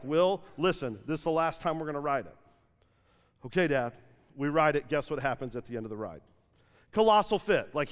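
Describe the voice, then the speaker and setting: A pastor in his thirties telling a family story in a lively sermon, peppered with "like" and acted-out quotes. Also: a little high. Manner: lively anecdotal storytelling with frequent "like", acting out quotes. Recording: long hall reverb from a church stage.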